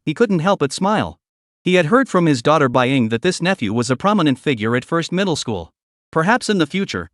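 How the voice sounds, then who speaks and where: A man narrating a recap story in a scripted, lively storytelling manner. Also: a little high, dry recording, clean studio sound.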